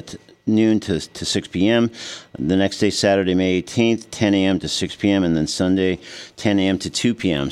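Male talk radio host, casual and meandering, low voice, studio mic. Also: clean tone. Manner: easygoing, rambling with fillers and restarts. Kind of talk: radio talk show hosting.

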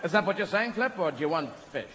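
A man's voice: sits high, very animated, quick pace. Playful rambling male stand-up comic. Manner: rambling, playful, self-interrupting. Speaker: stand-up comedian. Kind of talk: stand-up comedy routine. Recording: live hall with audience noise.

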